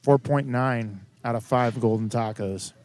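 A man's voice: mid-range voice, measured pace, a little mellow. Upbeat man hosting a taco review. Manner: upbeat, joking, leads the segments. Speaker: show host. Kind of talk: casual food-review chat. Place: taco restaurant.

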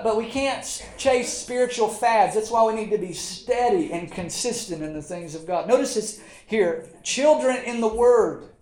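A man preaching in a church with a notably high voice, speaking in a folksy, joking manner. The sound carries a roomy echo from the sanctuary. He is middle-aged. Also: darkish tone. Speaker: pastor. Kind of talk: sermon. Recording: echoey church room.

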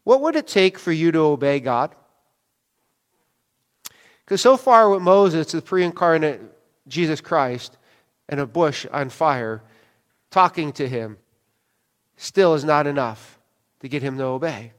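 A man's voice: on the high side, animated, a little slow, pauses often. A man preaching a sermon as pastor, in a casual, conversational way, acting out quoted dialogue as he goes. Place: church sanctuary. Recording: long church hall reverb.

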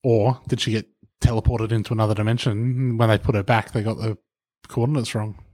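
A man's voice: lowish voice, steady tone, fairly quick, darkish tone. A man co-hosting a casual podcast, teasing his friends and reading online posts aloud in a dry way. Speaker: podcast co-host.

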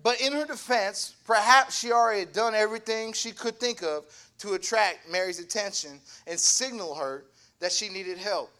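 A young man giving a sermon, humorous and animated, acting out little voices in his asides. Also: high voice, moderate pace. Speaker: preacher.

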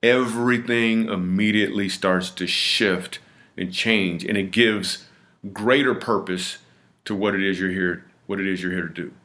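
Brief: middle-aged comedian guest, fairly low voice, earnest storyteller who restarts and repeats mid-sentence. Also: male voice, steady tone, unhurried, pushed and bright. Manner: earnest and vivid, with frequent restarts and repetitions. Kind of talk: personal storytelling in a podcast interview.

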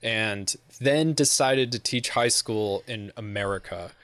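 A man's voice: lowish voice, takes it slowly, fairly bright tone, no room sound. A young man co-hosting a podcast in casual chat, rambling with lots of swearing and laughter. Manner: rambling, profane, laughs often. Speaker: podcast co-host.

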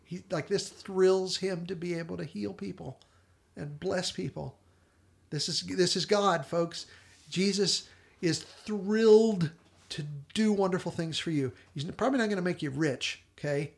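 A man co-hosting a podcast, animatedly retelling a TV episode and quoting the characters in quick little voices. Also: high voice, creaky. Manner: animated storyteller, quotes characters in brief voices, laughs often. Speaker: podcast co-host.

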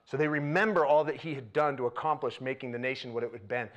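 A man preaching a sermon in a conversational way, turning animated and loud when he retells scenes. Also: mid-range voice, fast talker, highs cut off.

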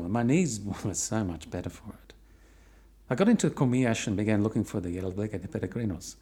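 A man's voice: on the low side, expressive, a little fast, warm tone. A middle-aged man narrating his own long walk in a reflective way with dry, wry humour. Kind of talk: personal travel narration.

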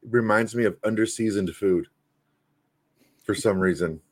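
A man's voice: lowish voice, a little slow. A man co-hosting a casual sports podcast, trading crude jokes. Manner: crude, joking banter. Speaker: podcast co-host.

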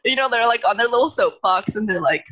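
A man's voice: very high-pitched, fast talker, bright, forceful tone, low-quality recording. A man co-hosting a podcast in casual chat, rambling with lots of fillers and frequent laughs. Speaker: podcast co-host.

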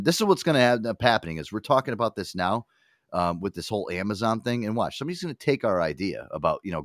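A man's voice: lowish voice, dry recording, clean studio sound. A man hosting a radio show in casual, profane banter, often slipping into mocking voices. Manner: animated, profane, breaks into mimicking voices.

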